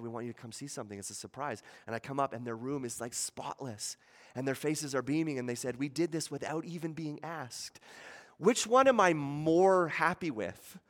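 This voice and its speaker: A man in his thirties, a pastor, preaches in a fairly high voice. He talks conversationally, keeps checking in with "right?", and slips into acted-out voices for the people he quotes. His words ring out with a long reverb from the church hall around him. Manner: conversational, asks the room "right?" often; acts out quoted voices with sudden shifts in pitch and loudness. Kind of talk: sermon.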